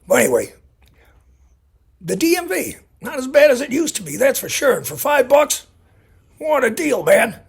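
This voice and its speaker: A man tells a rambling story for his vlog, chatty and full of asides. His voice is very raspy and gravelly, and his pitch swings widely as he talks. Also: wildly swooping pitch, moderate pace, long pauses. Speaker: vlogger. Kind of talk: casual storytelling. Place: Illinois.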